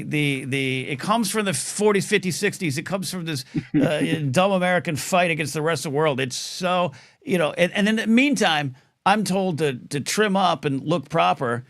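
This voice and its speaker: A man hosting a live call-in talk show, rambling and excitable with lots of restarts. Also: fairly high pitch, no echo, clean studio sound. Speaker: host.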